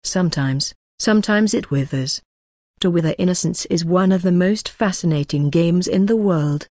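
A tipsy, mocking gentleman rambles in ornate, oily phrases, as a woman reads him. The voice sits fairly low. It is recorded close and dry. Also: normal speed, no echo. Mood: rambling. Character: drunk rambling older gentleman, sly and mocking. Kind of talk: audiobook character reading.

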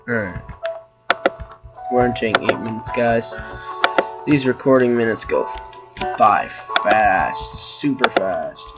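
Man for a let's play: slow, chatty, sarcastic, bursts of loud exclamations, music underneath. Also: medium pitch. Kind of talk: casual gameplay commentary.

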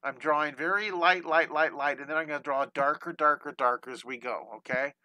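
A man's voice: on the high side, fairly even intonation, fairly quick, pushed and bright, dry recording, rough recording. A man teaching a live online drawing lesson, upbeat and encouraging, talking his students through each step and breaking into playful chants and sound effects.

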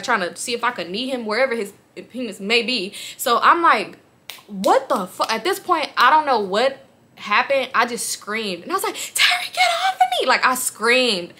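A young woman vlogger telling a personal story in a candid, animated way, swearing freely. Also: fairly high pitch.

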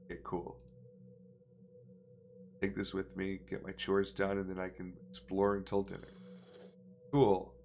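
A man's voice: low-pitched, completely flat delivery, measured pace, vocal fry, long pauses, a little mellow, faint music behind. A man streaming a video game, chatting casually and reading in-game text aloud with playful mock drama.

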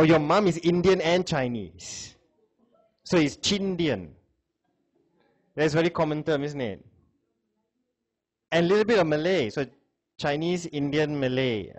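A man's voice: on the high side, lively intonation, measured pace, long pauses. A man giving a classroom lecture, chatting with students, asking questions and laughing often.

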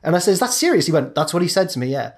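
Speaking rapid-fire in a higher, slightly mellow voice, a young man co-hosting a podcast spins out a long, meandering story, chatty and relaxed, slipping into impressions of his mates.

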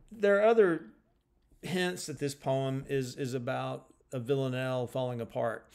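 A man explains a poem in an unscripted lecture, with a gravelly, creaky edge to his mid-pitched voice. He thinks aloud as he goes, restarting phrases and letting sentences trail off before pressing on. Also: a little mellow. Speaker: literature lecturer. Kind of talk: informal spoken lecture.

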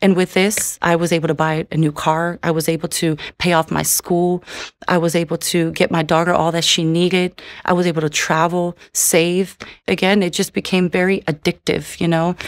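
A woman's voice: fairly low pitch, little pitch movement, normal speed, creaky, dry recording. A woman sharing her personal faith testimony in a church, telling her story in an earnest, heartfelt way. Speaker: testimony speaker.

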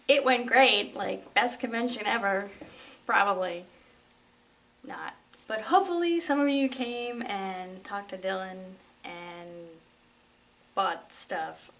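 A woman's voice: mid-range voice, expressive, moderate pace, fairly bright tone. Wry, chatty young woman vlogger. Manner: wry, self-mocking, chatty. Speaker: host. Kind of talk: casual vlog chat. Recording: slightly distant mic, faint room noise.

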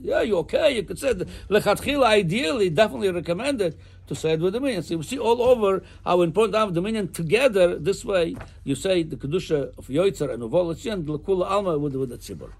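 A man teaching a Jewish law class as a rabbi, halting and repeating words as he explains texts. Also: sits high, animated, creaky. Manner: halting, repeats words, reads Hebrew text in chant. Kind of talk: halacha class.

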